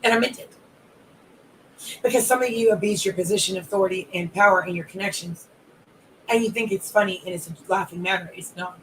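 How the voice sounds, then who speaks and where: A wellness coach holds a live audio room in a tightly controlled rage. The voice sits in a middle register and piles complaint on complaint in long repetitive runs, staying measured rather than shouting. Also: medium pitch, slight background noise, poor audio. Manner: controlled anger, long repetitive lists of grievances. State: calmly enraged.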